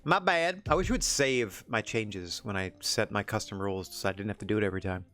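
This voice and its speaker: A man's voice: lowish voice, brisk, a bit bright, soft background music. A man streaming a wrestling management game, chatting casually in a rambling, self-deprecating way. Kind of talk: casual gameplay commentary.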